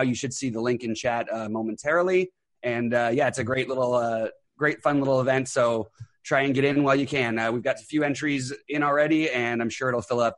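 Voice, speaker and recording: A man's voice: medium pitch, fairly bright tone, no room sound, studio quality. A man hosting a fantasy sports podcast over an internet call, upbeat and full of fillers. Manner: quick, upbeat, many fillers. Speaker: podcast host.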